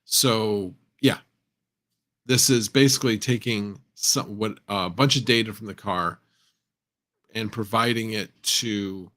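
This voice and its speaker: A man with a fairly low voice hosts a relaxed livestream and talks through his thoughts as they come. He often breaks off mid-point to read viewer messages aloud. His delivery is unscripted and easygoing. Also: takes it slowly. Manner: rambling, reads chat aloud, thinks out loud. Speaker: livestream host. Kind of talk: casual livestream chat.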